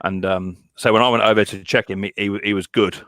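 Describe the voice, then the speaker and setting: A man chats casually as a livestream host, his voice sitting a little low. He rambles and halts, restarting phrases and filling gaps as he goes. The sound is dry and close. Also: steady tone, a bit bright, no room sound. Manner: rambling, halting with many restarts and fillers. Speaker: live stream host. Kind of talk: casual chat.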